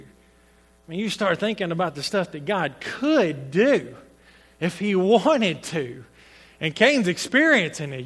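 A high-voiced man preaches with animated energy, firing off rhetorical questions to his congregation. His voice rings through a large church hall with a long, trailing reverb. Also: slow pace, slightly rough. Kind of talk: sermon.

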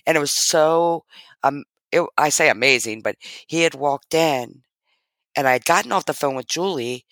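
Speaking low and at a moderate pace, this middle-aged woman is an interview guest telling her own heartfelt story. She's earnest throughout and performs the lines she quotes. Her tone is slightly bright, with no echo in the recording.

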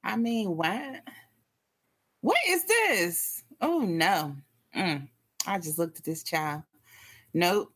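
A woman co-hosts a podcast in casual chat, blunt and quick with a joke. Her voice sits a little low but moves through a wide range. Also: lively intonation, husky. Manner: blunt, wisecracking. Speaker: podcast co-host.

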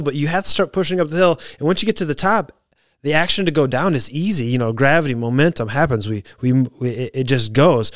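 A man's voice: mid-range voice, smooth, no room sound, studio quality. Earnest man telling a work story. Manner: earnest, repeats and restarts, gets heated retelling. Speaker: fire officer and speaker. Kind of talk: motivational talk with anecdotes.

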